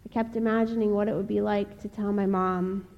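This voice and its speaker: A young woman from Ohio giving a personal testimony speech, telling her story in an earnest, measured way with pauses. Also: medium pitch, flat delivery, vocal fry, highs cut off. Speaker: speaker. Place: chapel. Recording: long reverb of a large hall.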